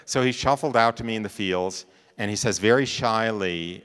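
A man's voice: on the low side, moderate pace, fairly bright tone, clean tone, long reverb tail. A man giving a talk, telling a personal story in a conversational way and often checking in with his listeners. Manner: conversational, checks in with "right?" and "you know".

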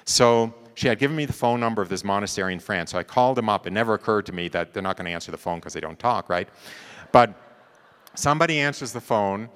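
He talks fast with lively intonation, his low-leaning voice clean and a bit bright against a big-room sound. The man shares a personal story conversationally, frequently checking in with "right?" and "you know".

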